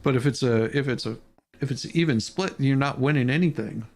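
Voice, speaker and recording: A man's voice: medium pitch, fairly quick, creaky, slight background noise. A man hosting a casual live-stream chat, telling stories with laughter and casual swearing. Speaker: show host.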